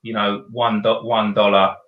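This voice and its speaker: A man's voice: lowish voice, flat delivery, unhurried, reverberant, narrow, tinny audio. A man with a South London accent, a podcast guest giving practical explanations in casual chat. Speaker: guest, video company director.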